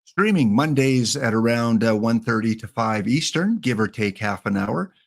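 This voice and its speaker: With a gravelly, medium-pitched voice and lively, expressive delivery at a normal pace, a Canadian streamer in his fifties rambles and jokes through a casual live-stream chat, addressing his viewers directly.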